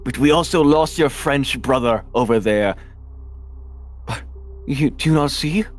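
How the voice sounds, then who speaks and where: A man voicing a smooth-talking male soldier leader who gives rallying speeches and bluffs his way along. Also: mid-range voice, unhurried, natural voice. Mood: rousing.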